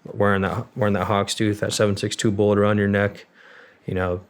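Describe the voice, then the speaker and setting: A man's voice: fairly low pitch, little pitch movement, brisk. A young man in his twenties, a former Marine and podcast guest, recounting his service in a candid, rambling way with fillers and some swearing. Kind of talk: casual storytelling interview.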